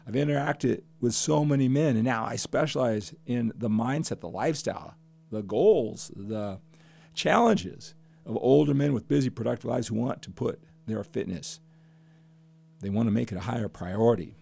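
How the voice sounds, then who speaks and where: A man's voice: medium pitch, lively intonation, moderate pace, vocal fry, dark tone. An older man hosting a fitness podcast, talking passionately and emphatically and stacking up repeated phrases. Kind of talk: podcast monologue.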